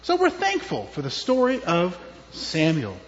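A man's voice: sits high, wildly swooping pitch, measured pace, a little hiss or hum. A man, a pastor, giving a children's sermon in a church, telling a story with questions to the kids. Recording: dull with long church reverb.

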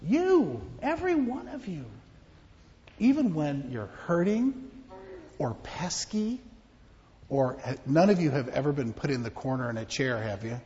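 A man giving a children's sermon as pastor, telling a story in an animated way and asking the children questions. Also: fairly high pitch, unhurried, long reverb tail, dull audio. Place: church.

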